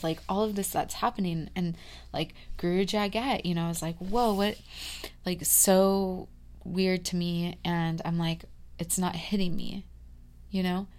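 A woman in her thirties hosting a podcast, talking through a rambling, confiding personal monologue full of fillers, dropping to a hush and then rising loud. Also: on the low side. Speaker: podcast host.

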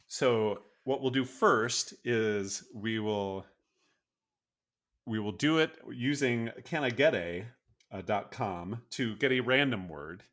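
A man's voice: on the low side, expressive, slow pace, fairly bright tone. A man co-hosting a podcast, chatting casually, rambling with fillers and laughing often. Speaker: podcast co-host. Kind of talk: casual chat.

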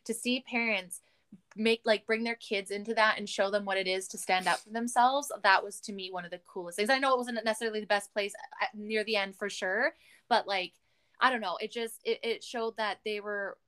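A woman's voice: mid-range voice, steady tone, brisk, bright, forceful tone, smooth. A woman from Canada hosting a podcast, chatting candidly and swearing freely. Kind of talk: casual podcast chat.

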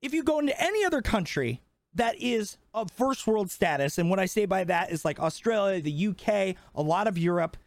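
Fired-up young man ranting, high voice. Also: animated, brisk, no echo. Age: 20s. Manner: profane, fired up, emphatic. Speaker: podcast co-host. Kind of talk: heated casual rant.

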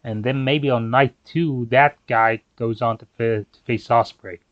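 A man co-hosting a casual chat, speaking haltingly as he searches for words. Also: mid-range voice, steady tone, no echo, dull audio.

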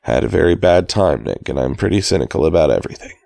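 A man's voice: sits low, animated, fast talker, gravelly, dark tone, no room sound, clean studio sound. Figure: Daisy, a man reading as a cynical young rich woman. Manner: plain, barely voiced quoted lines.

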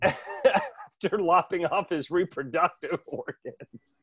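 Give me an animated male podcast host with a dry, close sound. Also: a little high, slightly rough, no echo. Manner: animated, laughing, doing quick voices. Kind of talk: casual chat recapping a cartoon.

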